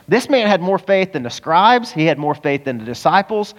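Animated pastor preaching in a reverberant hall. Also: male voice, normal speed. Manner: animated, acts out voices with big pitch jumps. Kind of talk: sermon. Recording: long reverb of a church hall.

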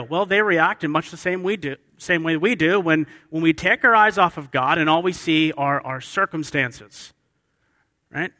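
A man's voice: on the high side, pushed and bright. A man preaching a sermon with emphasis, often asking his listeners questions. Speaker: pastor. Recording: long hall reverb.

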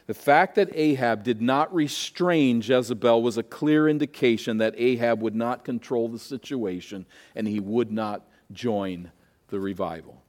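Guy preaching a sermon, mid voice, gets loud and dramatic then goes quiet. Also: mid-range voice. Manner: dramatic preaching, rising to emphatic peaks and dropping to hushed asides. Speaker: pastor.

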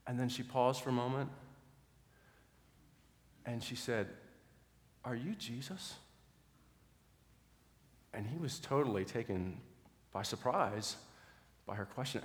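A middle-aged man preaching a sermon, telling a story earnestly, often restarting words and dropping to a soft voice in quiet moments. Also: medium pitch, slow, long pauses. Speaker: pastor. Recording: long hall reverb.

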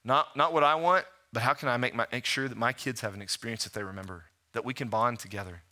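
A man in his thirties delivers a sermon in a bright, forward voice. He preaches with rhetorical questions and tells stories in a lively way. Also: medium pitch, quick pace. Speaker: pastor.

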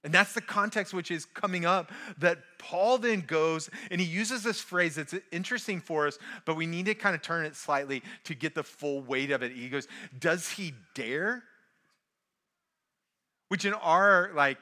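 A man with a fairly high, bright and forceful voice delivers a sermon. He keeps the tone conversational, leans hard on key phrases and fills gaps with "like." It sounds like a pastor talking straight to his congregation. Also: moderate pace. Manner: conversational, emphatic, frequent "like" fillers.

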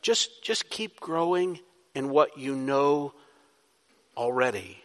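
A man's voice: mid-range voice, lively intonation, takes it slowly, fairly bright tone. A man, a pastor, preaching a sermon, asking rhetorical questions and building to emphatic bursts. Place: church sanctuary. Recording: long hall reverb.

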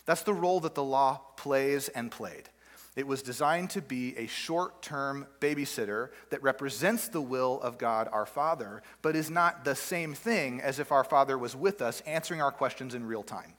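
A pastor preaching a sermon in a church room, talking conversationally with rhetorical questions and everyday examples. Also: male voice, medium pitch, normal speed, a bit bright. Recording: long hall reverb.

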